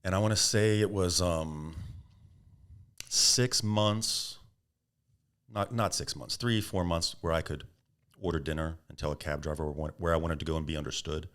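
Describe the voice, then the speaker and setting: Middle-aged man with a deep voice, guest on an interview podcast; animated anecdotes. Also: moderate pace. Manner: animated anecdotes, acts out quoted voices, laughs. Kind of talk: storytelling interview answers.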